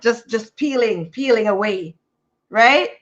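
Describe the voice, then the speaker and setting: A woman tells a story in a vlog, slow and unhurried, her voice pitched a little high. She repeats her phrases in an animated way and laughs between them. The recording sounds slightly dull and lo-fi. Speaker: vlogger. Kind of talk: casual storytelling.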